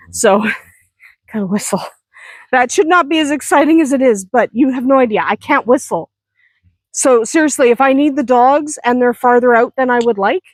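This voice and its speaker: Woman, farm vlogger; casual, self-mocking, quick laughs, higher voice, dry close mic. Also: dry recording. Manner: chatty, self-deprecating, laughs often. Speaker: vlogger, hobby farm owner. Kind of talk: casual vlog chat.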